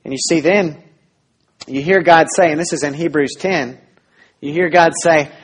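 High, husky-voiced male preacher. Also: normal speed, pauses often. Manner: earnest preaching, swinging between hushed and loud. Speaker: pastor. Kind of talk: sermon.

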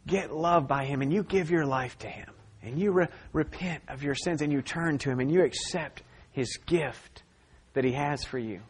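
A male pastor preaching a sermon in a church service, dramatic and swinging between loud emphasis and near whispers. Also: fairly high pitch.

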